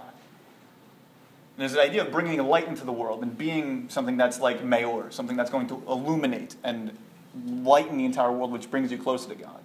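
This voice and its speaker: A man giving an informal Torah talk, animated and conversational, full of rhetorical questions. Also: mid-range voice, fairly quick, a little hiss or hum. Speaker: Torah teacher. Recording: echoey room.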